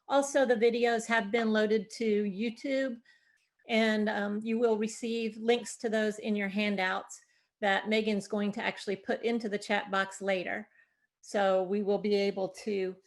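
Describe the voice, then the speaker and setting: A woman presenting an online gardening workshop on a video call, explaining in a chatty, informal way with fillers. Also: fairly high pitch. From Delaware, USA.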